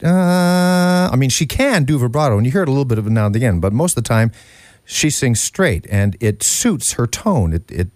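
A man's voice: fairly low pitch, darkish tone, no echo, studio quality. A man hosting a radio music show, explaining songs in a rambling, folksy way and humming notes to demonstrate. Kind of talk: casual on-air music explainer.

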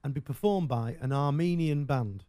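Rambling english radio guy, jokey, mellow, dry close sound. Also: medium pitch, moderate pace, no echo. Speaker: radio show host. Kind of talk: casual on-air banter.

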